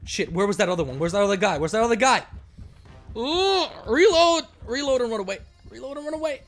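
A man doing let's play commentary, excitable, swinging between yelling and muttering. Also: extremely high pitch, a little fast, faint music behind. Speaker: gameplay commentator.

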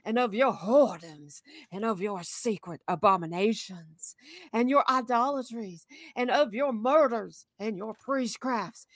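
A woman putting on a slow, solemn old grandma voice to read scripture aloud, drawing out each phrase in a preachy way. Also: on the high side, dry recording, clean studio sound. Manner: slow, drawn-out, preachy reading. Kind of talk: scripture reading in a put-on voice.

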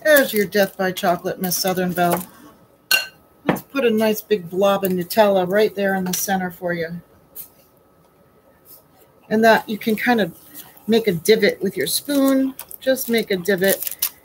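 A woman's voice: mid-range voice, a little slow, pauses often, noisy background. A woman hosting a chatty baking demo from her home kitchen, asking rhetorical questions and calling her viewers sweetie and honey. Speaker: home baker and host.

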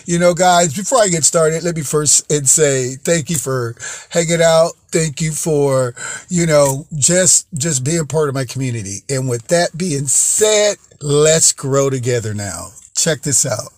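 A cheerful man talks straight to his viewers in a slow, unhurried ramble, breaking into laughter between phrases. His voice sits a little high for a man and sounds close and dry, with no room echo. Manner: laughs often between phrases, drawn-out and playful; chatty, addresses viewers as guys and folks. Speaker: vlog host. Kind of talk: upbeat motivational monologue.

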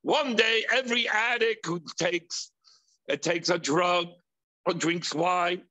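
High-voiced man preaching slowly. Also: pushed and bright. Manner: acts out impulsive voices in a high whiny pitch; rhetorical questions, emphatic. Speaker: rabbi teaching. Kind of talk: sermon.

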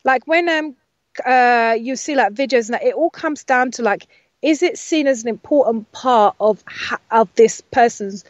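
A woman's voice: on the high side, normal speed, dry recording, highs cut off. A woman who works as a voiceover artist and speaking coach, chatting as an interview guest, rambling with lots of fillers and self-corrections. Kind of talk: casual interview chat.

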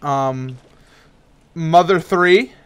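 A young man hosting a casual gaming chat, playful and goofy, quick to apologize. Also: fairly high pitch, fairly bright tone, clean tone. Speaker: host of a gaming channel.

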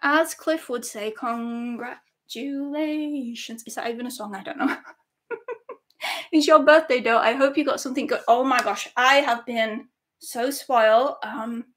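A woman hosting a live giveaway stream, chatting excitedly and reading out viewer comments. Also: a little high, normal speed. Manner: excitable, gushing, reads chat comments aloud. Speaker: music channel host.

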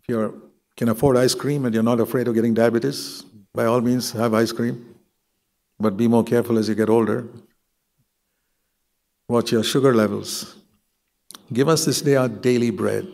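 Gravelly older man preaching earnestly. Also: mid-range voice, fairly even intonation, unhurried, pauses often, darkish tone. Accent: Indian English. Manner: earnest, conversational preaching with prayerful asides. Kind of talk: sermon.

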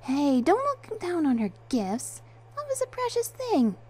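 Woman doing a giggly high-pitched love angel. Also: animated, unhurried, darkish tone, a little hiss or hum. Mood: cheerful. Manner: giggly, cheerful, singsong. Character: bubbly mischievous female love angel.

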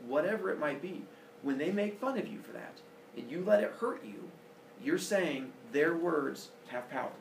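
Earnest man with a gravelly voice in an echoey room. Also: mid-range voice, recorded from a distance, slight background noise. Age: 40s. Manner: earnest, personal storytelling. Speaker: school speaker. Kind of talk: motivational talk to students.

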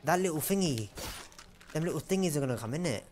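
A man's voice: fairly high pitch, animated, fast talker, darkish tone, a little hiss or hum. A young man giving casual, self-mocking gameplay commentary and chatting to the enemies. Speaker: gamer.

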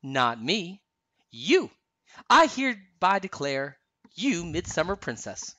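A woman voicing a calm, fond older-sister queen in a read-aloud storybook, warm and teasing. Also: fairly low pitch, takes it slowly, dry recording, exaggerated voice.

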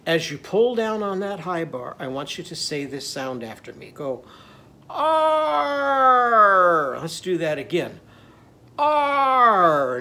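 Animated teacher telling a children's story. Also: mid-range voice, a little hiss or hum. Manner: animated, leads call-and-response. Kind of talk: storytelling lesson for young children.

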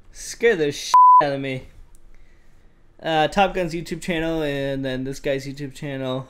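A man's voice: fairly high pitch, steady tone, measured pace, pushed and bright, slight background noise. A young man giving casual horror gameplay commentary, self-mocking and swearing, prone to startled yelps. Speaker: gaming YouTuber.

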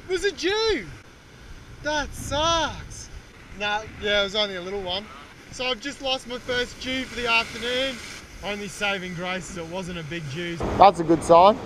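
An Australian man talking to viewers while fishing off an ocean rock wall, exclaiming excitedly as fish bite and chatting casually between casts. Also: high-pitched, normal speed, poor audio. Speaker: fishing vlogger. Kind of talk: outdoor fishing vlog commentary. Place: outdoors on a rock wall by the sea. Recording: loud wind and surf noise outdoors.

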